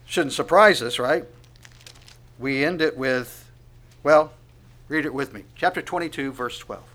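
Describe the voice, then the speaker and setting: A man preaching a sermon, asking the congregation questions and swinging from quiet asides to loud proclamation. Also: mid-range voice, measured pace. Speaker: pastor.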